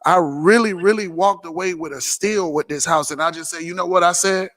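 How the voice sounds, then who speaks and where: A man hosting a casual live Q&A, talking in an animated, slangy, repetitive way. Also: high voice, a little fast. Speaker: host of a live Q&A. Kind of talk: casual live-stream chat.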